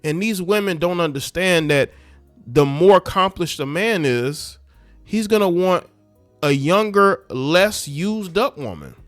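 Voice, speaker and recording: A man's voice: high-pitched, lively intonation, unhurried, no room sound, faint music behind. A man hosting a commentary show, ranting scornfully and preaching straight at his listeners. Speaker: commentary channel host. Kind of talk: ranting social media commentary.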